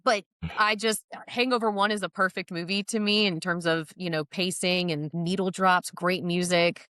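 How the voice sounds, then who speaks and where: Chatty woman, slightly low voice. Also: fairly even intonation, moderate pace, a bit bright, smooth, no echo, studio quality. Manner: chatty, lists points, uses "right?" often. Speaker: guest. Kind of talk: casual podcast conversation.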